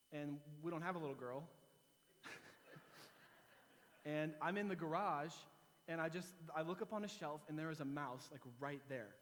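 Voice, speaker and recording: A pastor giving a sermon, moving between firm exhortation and animated, self-mocking storytelling. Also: male voice, on the high side, in a large hall. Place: church sanctuary.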